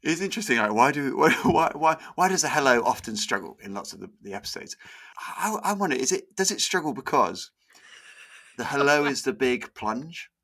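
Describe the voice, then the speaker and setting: A man's voice: medium pitch, big pitch swings, a little fast, a bit bright. A man, a pastor co-hosting a podcast, chatting casually, stumbling over words and laughing heartily.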